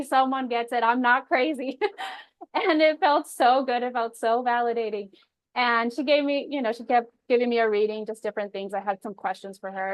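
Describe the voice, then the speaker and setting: A young woman hosting a webinar, telling her personal story in a chatty, animated way. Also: on the high side, no echo. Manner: chatty and animated, acts out quoted voices. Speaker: intuitive healer hosting a webinar.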